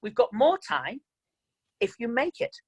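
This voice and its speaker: A man's voice: very high voice, wildly swooping pitch, unhurried, slightly rough, rough recording. A man giving an online motivational seminar as a mind coach, talking in an emphatic, plain-spoken and repetitive way over a video call.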